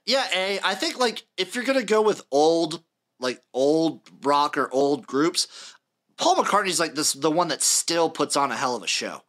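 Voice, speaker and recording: A bright, somewhat high-pitched young man in his late twenties hosts a casual sports podcast. He runs through a list in order, reading out dates and acts with dry asides. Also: lively intonation, unhurried. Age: late 20s. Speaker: podcast host.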